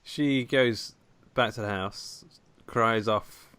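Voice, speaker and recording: A man's voice: medium pitch, slow pace, pushed and bright, clean tone, no room sound. A man co-hosting a casual film review chat, retelling scenes laid-back with jokey asides. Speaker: podcast co-host. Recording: dry close audio.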